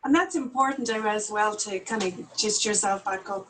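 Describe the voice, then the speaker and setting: A woman's voice: medium pitch, moderate pace, fairly bright tone, slight background noise, poor audio. A woman hosting an interview with brief, encouraging questions. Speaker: host.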